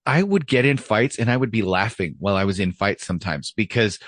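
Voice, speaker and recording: A man's voice: lowish voice, lively intonation, brisk, dry recording, clean studio sound. A man who is a former police officer co-hosting a podcast in casual chat, blunt, profane and opinionated. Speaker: podcast co-host.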